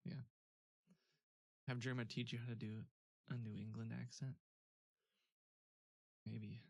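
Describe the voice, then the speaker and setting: A man's voice: mid-range voice, level tone, slow, gravelly, dry recording. A man hosting a stream, chatting casually, laughing often, with many fillers. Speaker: streamer host. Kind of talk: casual chat.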